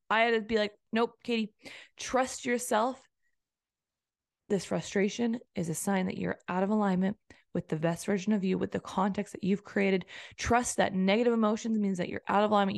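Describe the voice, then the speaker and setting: Coach lady doing a solo podcast, mid pitch, repeats herself a lot, dry close sound. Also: dry recording. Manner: rambling, repeats phrases, quotes her own self-talk. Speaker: personal development coach and podcaster. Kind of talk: casual solo podcast monologue.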